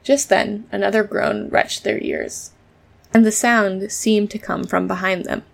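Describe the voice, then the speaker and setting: A woman narrating a children's storybook in a steady, even reading voice. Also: medium pitch, a little slow, vocal fry.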